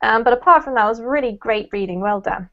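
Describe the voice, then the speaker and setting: Woman teacher, patient and upbeat, slightly high voice, muffled call audio. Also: fast talker. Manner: patient, encouraging, laughs easily. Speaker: English teacher. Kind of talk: online group English lesson.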